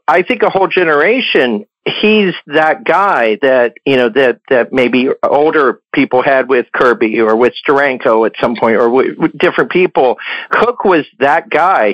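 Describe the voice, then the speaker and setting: A man's voice: mid-range voice, no room sound. Enthusiastic male podcast co-host. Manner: enthusiastic, fannish, trailing restarts. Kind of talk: casual interview talk. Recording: dull lo-fi audio.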